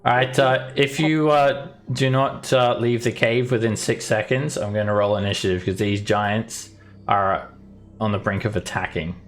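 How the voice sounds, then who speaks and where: A man's voice: fairly low pitch, fairly even intonation, normal speed, soft background music. A man narrating as game master, talking casually and filling his lines with "like" and "uh". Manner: chatty, full of "like" and "uh".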